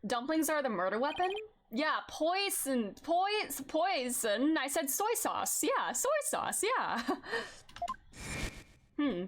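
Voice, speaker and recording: A woman's voice: sits high, sing-song, takes it slowly, a little hiss or hum. A woman streaming a game, chatting casually, laughing and muttering to herself as she plays. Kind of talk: casual let's-play commentary. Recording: game music behind the voice.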